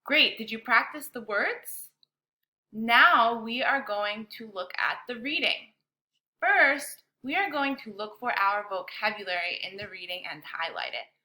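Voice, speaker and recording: A woman teacher leading a bilingual science lesson for children, speaking slowly and clearly with an encouraging classroom manner. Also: fairly high pitch, animated, pushed and bright.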